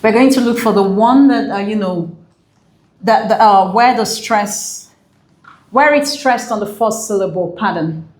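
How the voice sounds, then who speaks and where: A woman's voice: mid-range voice, a little slow, a little mellow, echoey room. A woman teaching English for an exam, enthusiastic and repeating key phrases while asking the viewer questions. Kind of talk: exam prep lesson.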